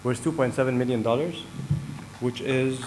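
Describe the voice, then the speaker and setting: A man from Egypt, a startup co-founder, giving a conference talk in a measured way with frequent "uh" fillers. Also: medium pitch, a little mellow, a little hiss or hum, low-quality recording. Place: conference hall.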